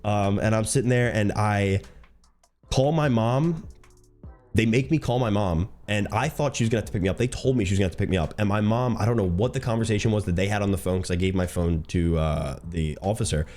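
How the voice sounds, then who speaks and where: A man's voice: lowish voice, fairly quick, a little mellow. A man who streams for a living, telling a story in a talkative, rambling way. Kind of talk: casual storytime.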